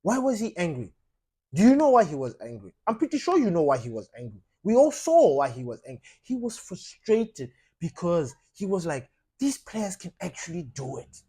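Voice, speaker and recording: A man with a fairly high voice gives an impassioned fan's take on his club, talking straight to his viewers. He keeps stacking up fillers and restarts, then climbs into loud, emphatic outbursts when he gets worked up. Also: huge pitch swings, moderate pace, slightly rough. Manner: addresses viewers directly as ladies and gentlemen. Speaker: fan channel host. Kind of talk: passionate football fan commentary.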